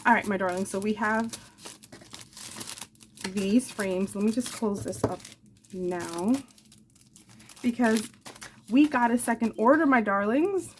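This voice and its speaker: A woman's voice: mid-range voice, slow pace, pauses often, a little hiss or hum. A woman in her forties, chatting casually and affectionately as she shows off craft supplies, with rambling asides. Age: 40s. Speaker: craft channel host. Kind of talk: casual show-and-tell chat.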